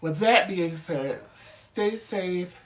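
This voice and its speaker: An easygoing man co-hosting a relaxed chat show. He rambles a little as he talks, in a playful way, and goes over his points more than once. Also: sits high, drawn-out words. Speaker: co-host of a couple's talk show. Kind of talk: casual chat.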